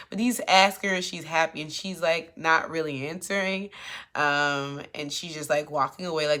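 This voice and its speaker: A woman with a low voice gives a chatty, sassy recap of a TV episode. She speaks with features and jumps into the characters' lines with lots of attitude. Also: moderate pace. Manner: chatty and animated, acts out characters' lines with sass. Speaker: TV recap commentator.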